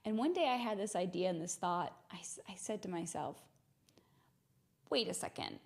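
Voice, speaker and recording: An earnest young woman shares a personal story on her podcast. Her voice has a gravelly, creaky edge. She talks in a reflective way and slows down to stress words. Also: mid-range voice, big pitch swings. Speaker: podcast host.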